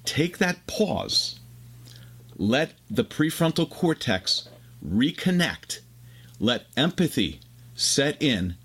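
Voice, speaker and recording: A man's voice: medium pitch, fairly bright tone. A man hosting a casual conversation, explaining ideas at length. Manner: expansive, explanatory, fast bursts.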